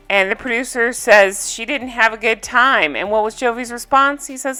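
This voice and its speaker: Woman, casual TV recap vlogger, blunt, swears freely, bright voice, faint background music. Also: on the high side, normal speed, hardly any pauses, clean tone.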